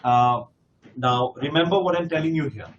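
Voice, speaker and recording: A man with a slightly higher-pitched voice leads a test-prep lecture. He speaks to his students directly and drives his points home by repeating them with emphasis. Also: normal speed, dull audio, slight background noise. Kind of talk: live classroom lecture.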